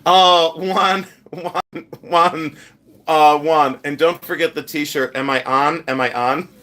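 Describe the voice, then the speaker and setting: A man's voice: a little high, steady tone, slow, a bit bright. A middle-aged man hosting a live stream, chatting with viewers and thanking them by name in an effusive, rambling way. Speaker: livestream host selling vintage jewelry.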